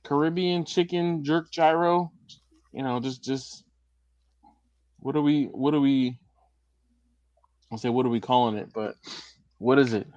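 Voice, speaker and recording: A man's voice: mid-range voice, unhurried, pauses often, no room sound, dull audio. A man hosting a casual live stream chat, telling stories with a lot of laughter and acting out the quotes. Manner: animated storyteller, laughs often, acts out quotes. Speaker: livestream host.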